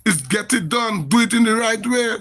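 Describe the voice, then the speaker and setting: High, forceful Grenadian man ranting. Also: animated, normal speed, soft background music. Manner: emphatic, repetitive, exasperated ranting. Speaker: social media livestreamer. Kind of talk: live social media rant.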